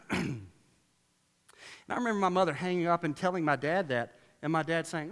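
A man preaching a sermon as pastor, passionate and sarcastic by turns, moving between quiet storytelling and loud exhortation in a large church. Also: high-pitched, lively intonation, normal speed, pauses often. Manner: sarcastic asides. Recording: long reverb of a big church hall.

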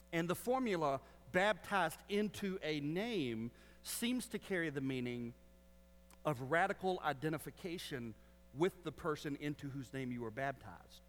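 A man preaching a sermon as a Baptist pastor, teaching with joking asides to the congregation. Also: on the high side. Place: church sanctuary. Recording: long hall reverb.

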